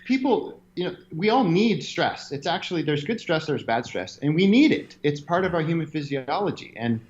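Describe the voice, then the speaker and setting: A man being interviewed, telling stories in an animated way and laughing now and then. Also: a little high, moderate pace, lo-fi sound. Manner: animated storyteller, laughs often. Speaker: interview guest, gym owner. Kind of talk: conversational interview.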